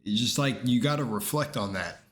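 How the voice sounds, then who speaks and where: A man's voice: medium pitch, fairly quick, a bit bright. A man chatting casually while reacting to a video, in a laid-back, rambling way full of slang and restarts.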